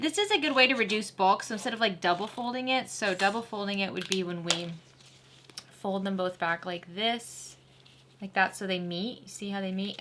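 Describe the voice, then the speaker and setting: A woman's voice: medium pitch, sharp tone, a little hiss or hum. A woman hosting a casual sewing tutorial, chatting and laughing with viewers while she works. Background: faint sewing machine whir.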